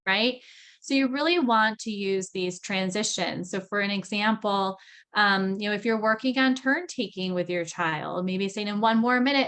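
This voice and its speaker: A woman in her thirties giving a parenting training talk, chatty, with frequent "right?" checks, acting out parent and child lines in a lively voice. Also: mid-range voice. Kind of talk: recorded training lecture.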